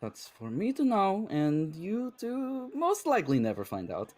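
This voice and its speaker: Playful, teasing reveler played by a man, fairly high pitch, very lively intonation, tabletop role-play. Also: unhurried, full character voice. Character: carefree, cheeky reveler enjoying the tavern.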